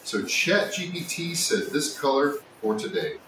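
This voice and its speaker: A man hosting a casual woodworking livestream, chatting and joking with his viewers, sometimes yelling, recorded in a workshop. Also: big pitch swings, a little slow. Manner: joking, teasing, with sudden yells. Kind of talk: casual live-stream chat with viewers. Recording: echoey room, distant mic, faint rumble.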